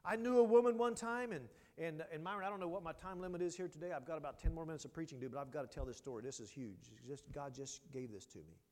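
A man's voice: a little high, rapid-fire, hardly any pauses. Impassioned preacher man, echoing hall. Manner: impassioned storytelling, swings from loud to hushed. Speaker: pastor. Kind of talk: sermon. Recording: long hall reverb.

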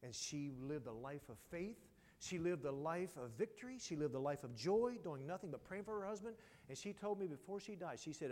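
A male pastor preaching a sermon, telling a story with passion and dropping from loud to hushed. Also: a little high, animated, brisk, hardly any pauses. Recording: long hall reverb.

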